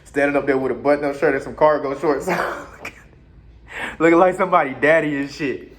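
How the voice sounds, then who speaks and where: A man telling a crude, comic story in a casual, animated way. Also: fairly high pitch, moderate pace. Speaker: podcast host telling a story.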